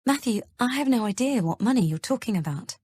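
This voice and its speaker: A woman's voice: a little high, expressive, fairly quick, a little mellow, slightly rough, no echo, voice pushed up. A woman reading an audiobook, voicing an anxious, bewildered young mother who speaks tensely and incredulously. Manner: tense, raised, incredulous questioning.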